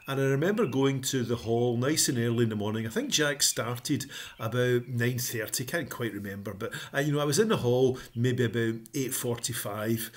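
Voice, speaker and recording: Upbeat man vlogging. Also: mid-range voice. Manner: upbeat and encouraging, pausing with frequent ums. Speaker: motivational vlogger. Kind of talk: casual talk to camera.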